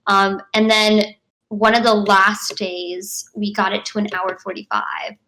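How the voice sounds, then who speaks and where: A young actress answering interview questions in a bubbly, chatty way, full of "like" and "um" and quick laughs. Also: female voice, mid-range voice, little pitch movement, pushed and bright, rough recording. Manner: bubbly, frequent 'like' and 'um', laughs often. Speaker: actress guest. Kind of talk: casual interview.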